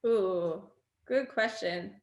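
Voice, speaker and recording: A young adult woman talks as a guest on an interview show, spinning personal stories in a loose, animated way with plenty of fillers and laughter. Her voice sits at a middle pitch. The room around her is echoing and roomy. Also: extremely slow. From Australia. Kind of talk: casual storytelling conversation.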